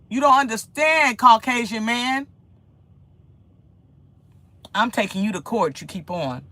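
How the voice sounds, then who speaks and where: A woman talks straight to her viewers in a loose, rambling way, repeating herself as she goes. Her voice is bright and forceful, and it sits close and dry in a small kitchen with no room echo at all. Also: fairly high pitch, measured pace, long pauses. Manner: animated, rambling storytelling with repeated phrases. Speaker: vlogger. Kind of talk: casual chat to viewers.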